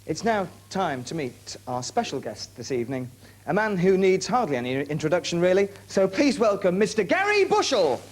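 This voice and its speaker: A man's voice: high-pitched, very animated, moderate pace, slight background noise. A man hosting a hypnosis show in a TV studio, giving coaxing, commanding instructions to his subjects. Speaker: stage hypnotist and host. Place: TV studio with audience. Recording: VHS TV studio with audience.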